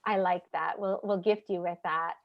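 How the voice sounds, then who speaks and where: A woman's voice: on the low side, fairly even intonation, moderate pace, muffled recording. An American woman hosting an interactive online leadership webinar, friendly and chatty with many ums. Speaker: webinar host and leadership trainer. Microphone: video call.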